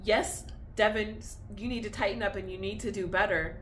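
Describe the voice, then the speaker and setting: A woman's voice: mid-range voice, fairly even intonation, normal speed, a bit bright, slight background noise. A young woman talks candidly in a personal vlog, confessional and tearful, laughing through tears as her feelings swing back and forth. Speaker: vlogger.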